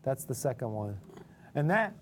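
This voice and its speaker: A man's voice: medium pitch, big pitch swings, normal speed, a little hiss or hum. A man with a New York accent, a singer and guest, chatting easily in an interview. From the Bronx, New York. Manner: chatty, easygoing, laughs easily. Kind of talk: casual interview chat.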